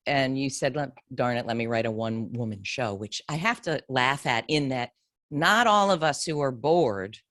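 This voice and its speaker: A woman hosts an interview podcast, prompting and encouraging her guest. Her voice is very low for a woman. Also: lively intonation, moderate pace, a bit bright. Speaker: podcast host.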